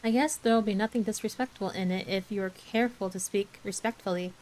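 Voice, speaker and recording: A woman puts on a strict older spinster in a soft ASMR bedtime storybook reading. The voice is curt and disapproving, clipped and a shade lower. Pitch sits in the middle of a woman's range. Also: steady tone, fairly quick, close to an everyday voice, poor audio. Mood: stern.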